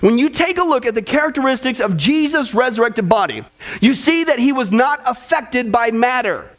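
A man's voice: very high-pitched, lively intonation, moderate pace, fairly bright tone. A male pastor preaching a humorous sermon, firing off punchy lists and talking straight to the audience.

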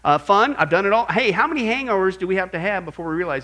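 Bright, lively preacher man. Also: high voice, fast talker, few pauses. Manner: animated, joking, rhetorical questions to congregation. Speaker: pastor. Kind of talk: sermon.

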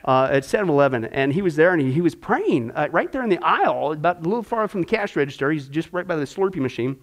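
Guy teaching a bible class, high voice, swings up and down a lot, acts stuff out. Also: fast. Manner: animated, acts out voices, rhetorical questions.

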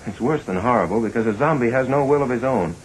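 An actor in an old film clip, speaking gravely as he explains something. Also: medium pitch, expressive, quick pace, a little hiss or hum, lightly acted, poor audio. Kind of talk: film dialogue.

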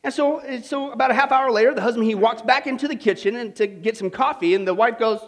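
A man preaching a sermon, telling a funny story with lively asides and frequent "okay?" check-ins. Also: extremely high pitch, quick pace, hardly any pauses. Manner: joking storyteller, animated, many "okay?" and "right?" asides. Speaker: pastor.

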